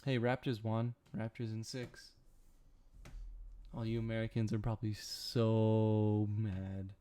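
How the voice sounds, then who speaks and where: A man's voice: lowish voice, flat delivery, normal speed, warm tone. A young man, sleepy, rambling and joking with his chat during a casual late-night stream. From Canada.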